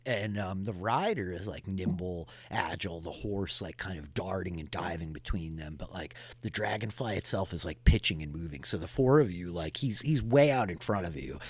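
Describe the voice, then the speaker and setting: A man's voice: low-pitched, lively intonation, normal speed, few pauses, breathy edge. A man narrating a tabletop game as game master, rambling with many fillers.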